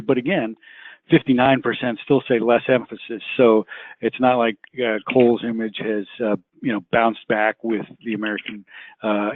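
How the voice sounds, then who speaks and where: A man presenting survey results in a webinar, halting often with filler sounds. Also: medium pitch, no room sound. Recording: tinny phone-line audio, dry.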